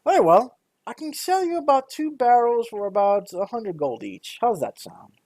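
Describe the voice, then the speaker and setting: Petite older shopkeeper woman, sweet and fussy, high falsetto, done by a man. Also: sing-song, normal speed, darkish tone, no room sound, full character voice.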